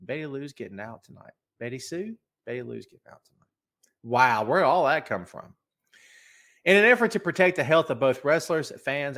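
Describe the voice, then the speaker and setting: A man's voice: medium pitch, fairly bright tone. A middle-aged man hosts a casual wrestling podcast, stuffy with a head cold. He rambles and jokes his way through the news. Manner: rambling, joking, talks to a co-host. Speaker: podcast host.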